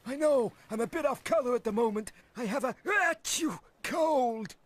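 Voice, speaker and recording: A woman's voice: fairly high pitch, animated, normal speed, slight background noise, voice pushed up, close to an everyday voice. A woman voicing a sad, sniffly male blue whale with a cold in a storybook reading. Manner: sniffly, sneezing.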